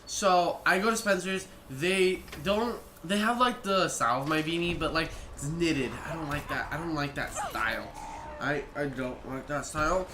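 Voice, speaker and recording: A man's voice: on the high side, moderate pace, pushed and bright. A young man casually telling a story to his viewers, rambling and restarting sentences, full of "like" and "I'm like". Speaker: vlogger. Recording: echoey room with faint noise.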